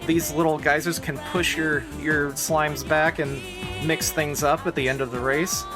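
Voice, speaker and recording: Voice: medium pitch, a little slow. Chatty, giggly live streamer over music. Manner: excitable, chatty, frequent giggles. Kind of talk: casual live-stream commentary. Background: music playing.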